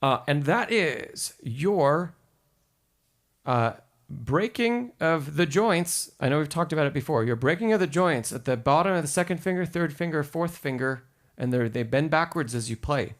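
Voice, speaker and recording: A slightly high-voiced man with lively intonation and a moderate pace runs a live stream piano lesson. He sings short phrases to demonstrate and gives encouraging feedback, with piano music in the background.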